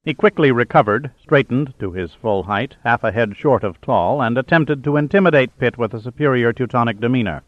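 Man, audiobook narrator, steady, middle pitch, dry, slightly muffled sound. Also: brisk, hardly any pauses, no room sound. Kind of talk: scripted narration.

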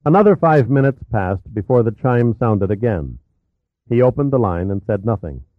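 A man narrating a thriller audiobook in an even, measured storytelling manner. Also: medium pitch, no echo. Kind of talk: scripted narration. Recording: tinny phone-like, dry.

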